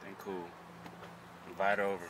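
A man's voice: low-pitched, little pitch movement, normal speed, lightly acted. Q, sarcastic young man, as an actor plays him. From Ohio. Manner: sarcastic, reluctant. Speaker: troubled cousin. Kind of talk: indie film acting. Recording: distant mic, loud street noise.

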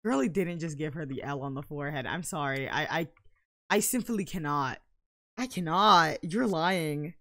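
A young woman chats her way through a game session with a bright, forceful tone that sits a little low in pitch. She giggles often and jumps from mumbled asides to loud outbursts. It sounds like an easygoing let's-play. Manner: giggly, playful, quick jumps to loud excitement. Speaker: gameplay commentator. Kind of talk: casual let's-play commentary.

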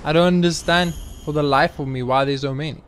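A young man commentating his own gameplay, swearing freely and ranting in frustration, sometimes shouting at the game. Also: a little high, fairly even intonation, fairly quick, slight background noise. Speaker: let's play gamer. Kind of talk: gaming commentary. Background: faint game music.

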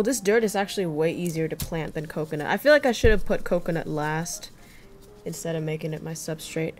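Slow-talking young woman streamer chatting. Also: medium pitch, vocal fry, a little mellow, a little hiss or hum. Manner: chatty, thinks aloud, talks to chat. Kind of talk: casual livestream chat while crafting.

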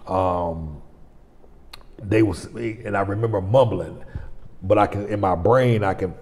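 This forties-aged vlog host takes his time, his fairly low voice a little mellow, as he casually relates a personal story to camera. He meanders and frequently starts over, and long reverb colors the sound.

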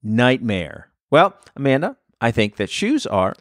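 A man's voice: mid-range voice, big pitch swings, measured pace. A man in his thirties chats on a podcast in an easygoing, rambling way, laughing often at his co-host. His voice sits in an ordinary middle register. The sound is close and dry, with no room echo. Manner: laughs easily, rambling and reflective. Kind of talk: casual chat.

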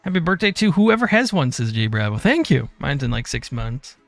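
A man hosting a game live stream, greeting chat by name in a relaxed, easygoing way. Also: mid-range voice, fairly quick, vocal fry, no echo, faint music behind. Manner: reads chat names in a relaxed drawl.

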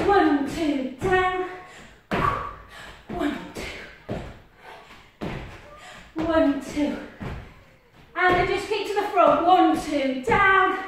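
High-voiced woman instructor. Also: very slow, long pauses. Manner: upbeat, counting out reps with whoops. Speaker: fitness instructor. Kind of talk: leading a workout class. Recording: echoey distant room with noise.

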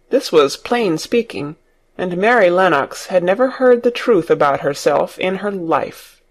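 A man reading an audiobook story aloud for English learners, in a slow, clear narrating manner. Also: high voice, lively intonation.

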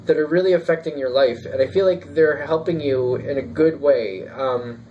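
A man with a somewhat high voice talks through a tarot reading in an easy, casual way. He rambles as he thinks aloud, with plenty of ums and restarts. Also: normal speed, mellow, highs cut off, slight background noise. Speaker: tarot reader.

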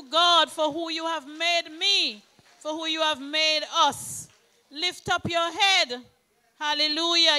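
Woman preacher, high bright voice, deliberate emphatic sermon delivery. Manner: slow, emphatic preaching with scripture readings.

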